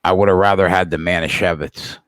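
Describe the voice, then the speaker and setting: A man with a very deep voice co-hosts a casual podcast chat. He sounds dry and close to the mic. He is blunt and profane, with mock-dramatic flair. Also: fairly even intonation, brisk, no room sound.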